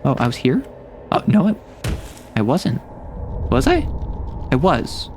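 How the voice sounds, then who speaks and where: A man's voice: medium pitch, wildly swooping pitch, a little slow, darkish tone, slight background noise. A man chatting casually while streaming a game, rambling and saying "like" often. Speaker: VTuber streamer. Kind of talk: casual gameplay stream commentary.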